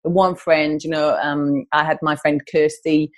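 A woman's voice: low-pitched, level tone, a little slow. A woman hosting a podcast, chatting casually and relating to her guest. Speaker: podcast host. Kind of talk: casual conversational interview.

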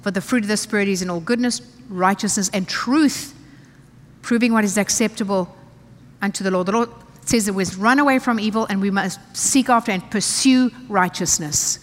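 A woman's voice: medium pitch, normal speed. A woman pastor preaching a sermon, reading scripture aloud and repeating key phrases with emphasis. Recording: church hall reverb.

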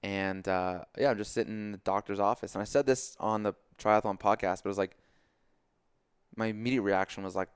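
A young man on a podcast telling a story casually, animated and swearing freely as he acts out his own reactions. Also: lowish voice, a little fast, clear, resonant tone, no room sound, studio quality. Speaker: podcast guest.

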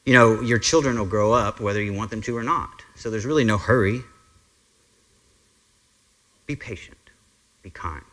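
A male pastor preaches to his congregation in an earnest, conversational manner. His voice sits on the low side, and he talks loosely, with frequent ums and restarts. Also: fairly bright tone. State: briefly emotional. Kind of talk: sermon. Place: church sanctuary.

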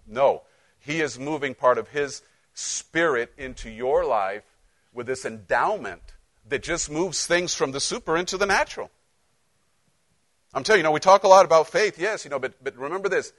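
A male pastor preaching a sermon in church, passionate and full of restarts, swinging between loud emphasis and quiet asides. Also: mid-range voice, normal speed. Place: church sanctuary.

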